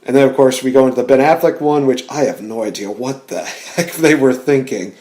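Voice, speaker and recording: A man's voice: medium pitch, a little fast, a little mellow. A man co-hosting a casual podcast, rambling with lots of filler words and laughing often. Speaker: podcast co-host. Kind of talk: casual chat.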